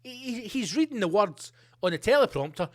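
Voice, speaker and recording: A man's voice: sits high, very animated, brisk. A middle-aged man hosting a solo podcast, ranting in a sweary, sarcastic way. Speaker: podcast host.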